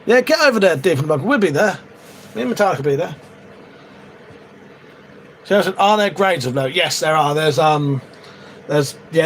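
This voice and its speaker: Man, somewhat high voice, casual live-stream chat, rambling, offhand swearing, shed. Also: animated, normal speed, pauses often, a little hiss or hum. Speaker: livestream host. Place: shed, outdoors.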